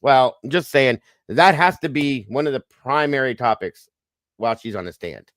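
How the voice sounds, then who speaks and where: A man's voice: mid-range voice, lively intonation, normal speed, fairly bright tone, dry recording. Blunt skeptical man, dry close sound. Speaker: panelist. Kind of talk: casual panel discussion.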